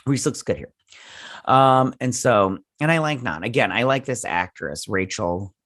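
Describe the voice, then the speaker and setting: A man's voice: medium pitch, animated, a little slow, fairly bright tone. Rambling man chatting through a TV recap. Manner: rambling, retells scenes in loose paraphrase. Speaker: show review host. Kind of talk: casual episode breakdown.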